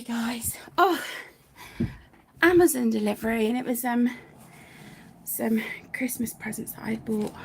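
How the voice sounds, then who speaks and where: A gravelly, somewhat high voice, with a little hiss or hum in the audio, belongs to a British woman hosting a colouring channel live stream. She chats casually and warmly, often dropping to a near whisper, with plenty of fillers and restarts.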